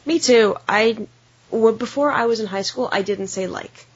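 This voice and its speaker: A young American woman co-hosting a podcast in casual chat, talking quickly with many fillers and restarts. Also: on the high side, slightly rough. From United States. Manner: chatty, many fillers and restarts, acts out silly voices. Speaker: podcast co-host and editor. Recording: somewhat dull lo-fi audio.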